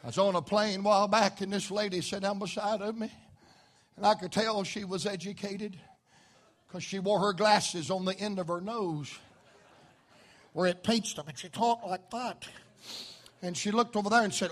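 Preacher guy, super high voice, folksy stories then hollering hallelujahs. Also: steady tone, normal speed, long pauses. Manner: fervent, building to shouts; folksy storytelling. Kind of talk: revival sermon.

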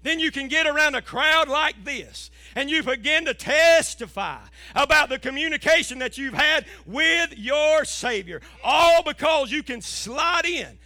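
A middle-aged man, preaching an impassioned sermon as a pastor and rising to shouts. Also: very high-pitched, lively intonation, a little slow, few pauses, no room sound.

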